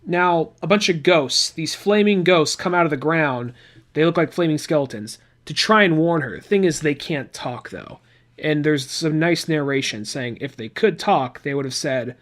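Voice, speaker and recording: A man's voice: fairly high pitch, unhurried. A man hosting a podcast, recapping a comic book in a rambling, chatty way with asides. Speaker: podcast host.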